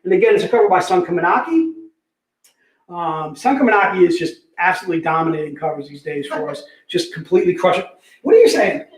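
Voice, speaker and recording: High-voiced man in his fifties hosting. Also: quick pace, reverberant, rough recording. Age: 50s. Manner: energetic, jokey salesman patter. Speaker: host. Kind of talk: live sales stream.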